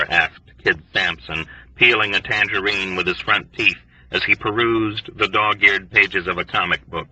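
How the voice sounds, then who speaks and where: A man narrating an audiobook in an expressive, lively storytelling manner. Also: on the low side, a little slow, husky, no echo, distant mic. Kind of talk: scripted narration. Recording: dry, dull lo-fi recording.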